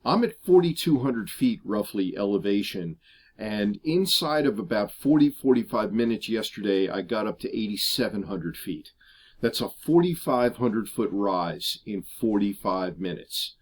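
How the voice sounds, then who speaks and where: A man's voice: lowish voice, expressive, unhurried, breathy edge. A middle-aged man vlogging casually about his RV travels, chatty and explanatory with frequent fillers. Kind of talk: casual vlog talk to camera. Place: RV park outdoors.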